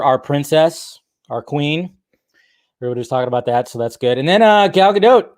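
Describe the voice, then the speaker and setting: A man's voice: mid-range voice, no room sound, clean studio sound. A man hosting a movie news channel, talking in a loose, rambling way with lots of fillers and casual swearing. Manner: loose and chatty, swears freely, full of fillers like "like" and "uh".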